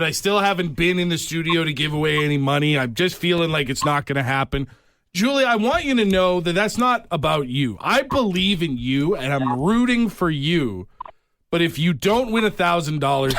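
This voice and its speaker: A man's voice: fairly high pitch, lively intonation, normal speed, a bit bright. A man co-hosting a radio show in casual, joking chat. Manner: joking, laughs easily. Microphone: studio mic.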